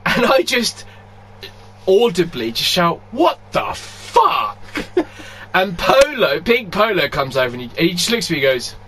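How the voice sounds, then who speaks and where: A man telling a story in casual chat, animated, swearing freely and laughing often. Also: high voice, moderate pace, slight background noise.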